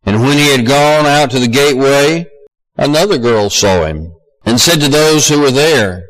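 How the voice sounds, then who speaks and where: A man with a Southern US accent preaching a sermon in a folksy, conversational way that climbs to loud, high emphasis. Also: lively intonation, moderate pace, poor audio. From American South.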